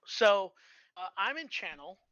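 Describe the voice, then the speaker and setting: A streamer telling old clan anecdotes in a casual, halting way, with fillers and restarts. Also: mid-range voice, very animated, sharp tone, no room sound, highs cut off. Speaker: storyteller on a live stream.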